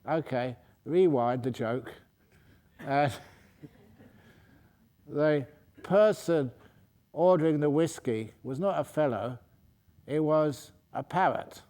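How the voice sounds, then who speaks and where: Male monk, humorous dharma talk, mellow voice, laughs a lot. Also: a little high, takes it slowly, pauses often. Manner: light-hearted storytelling, laughing often, restarting phrases. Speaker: Buddhist monk and teacher.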